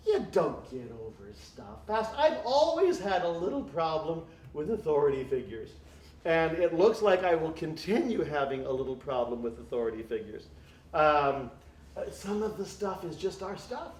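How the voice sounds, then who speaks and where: A man's voice: fairly high pitch, big pitch swings, normal speed, a little mellow. A man, a priest giving an evening talk to a live audience, speaking in a wry, joking way with mock dialogue. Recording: echoey room.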